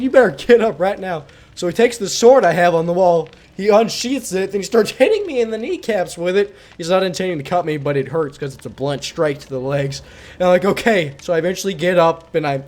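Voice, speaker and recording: A young man casually telling a rowdy family story on stream, swearing and laughing as he acts out relatives. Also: sits high. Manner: animated, laughing, swearing, acting out relatives' voices.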